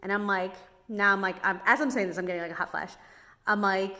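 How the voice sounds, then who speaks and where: A woman's voice: mid-range voice, fast, bright, forceful tone. A young woman, a hairstylist, casually telling a story to camera with lots of "like" fillers. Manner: chatty, heavy use of "like" fillers. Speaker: hairstylist vlogger.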